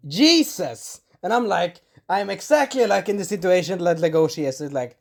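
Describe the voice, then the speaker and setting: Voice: mid-range voice, expressive, a little fast, few pauses. An anime reviewer rambling through an episode recap in casual chat, swearing and acting out quotes.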